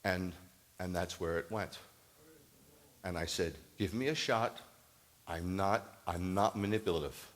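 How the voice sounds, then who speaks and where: Male rabbi, lower voice, lively storytelling sermon, voices the other people in the story, builds to emphatic preaching. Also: a little slow, long pauses. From United States. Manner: animated, acts out quoted dialogue, rises to emphatic preaching. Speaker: Messianic rabbi. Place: congregation hall, addressing a live audience.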